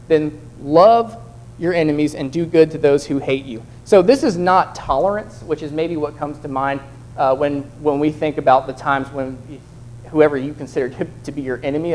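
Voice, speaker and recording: A man's voice: fairly high pitch, a little mellow, rough recording. A young man preaching a sermon in a conversational way, acting out the voices of the people in his examples. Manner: conversational, acts out quoted voices.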